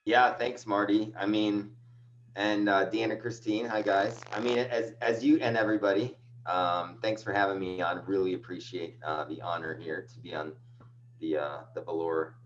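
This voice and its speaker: Man guest, lower voice, meandering self-deprecating storyteller; dull lo-fi call audio with a faint hum. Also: steady tone, normal speed. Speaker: guest, agency owner. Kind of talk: casual video call interview. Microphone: video call microphone.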